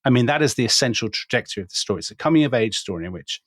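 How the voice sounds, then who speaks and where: A man co-hosting a podcast in casual chat. He talks quickly at length and makes fun of himself now and then. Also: medium pitch, expressive, fairly bright tone, no room sound, studio quality. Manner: quick, wordy, self-deprecating. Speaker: podcast co-host and author.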